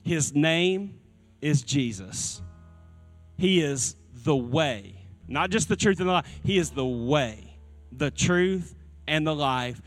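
A male pastor preaching a sermon in a church, earnest and repeating his key phrases, with soft instrumental music behind him. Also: fairly high pitch, lively intonation, takes it slowly. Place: church sanctuary.

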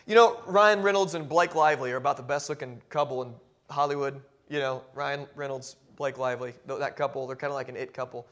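A man preaching a sermon as pastor, moving from quiet reflective passages to loud, emphatic declarations and often repeating words as he builds. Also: medium pitch, fast, hardly any pauses. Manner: repeats and restarts words when carried along.

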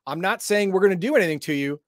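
A man's voice: high voice, expressive, racing, a bit bright, no echo, studio quality. A man co-hosting a live-streamed game master chat show, making emphatic announcements and joking around. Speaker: game master podcast co-host.

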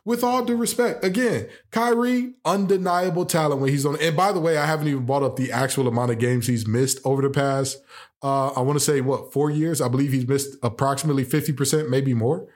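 A man hosting a sports talk show, giving opinionated commentary with animated rhetorical questions and sarcastic jokes. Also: mid-range voice, brisk.

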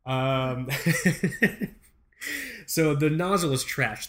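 An American man hosting a podcast, telling a rambling, profane, self-mocking comedic story. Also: fairly high pitch. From United States. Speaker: podcast host.

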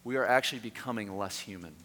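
A male pastor delivers a sermon, alternating lively, animated anecdotes with hushed, earnest appeals. His voice is bright and forceful, somewhat low. It rings with long reverb in a large hall over a faint hum. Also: fast talker. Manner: animated storytelling, voices and shouts in anecdotes, then quiet and earnest.

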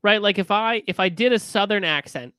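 A man's voice: high voice, a little fast, sharp tone, clean tone, no echo. A man hosting a casual chat over a video call, blunt and teasing. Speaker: podcast host.

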